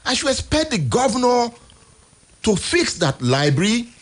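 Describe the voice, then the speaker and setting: A Nigerian man hosting a radio show, giving emphatic, exasperated commentary in a husky voice. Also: very high-pitched, big pitch swings, normal speed. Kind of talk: impassioned on-air commentary. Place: radio studio.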